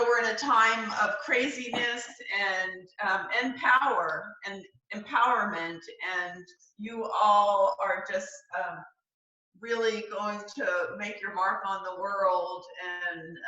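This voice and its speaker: Casting: unhurried woman with a bright tone, dull and echoey call audio. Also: medium pitch. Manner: slow, heartfelt, with fillers. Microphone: video call.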